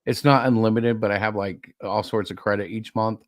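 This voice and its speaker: A man with a fairly low voice hosts a casual live-stream chat. He rambles in halting, restarting sentences and laughs easily as he tinkers with his setup. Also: steady tone. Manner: rambling, halting, laughs while fiddling with tech.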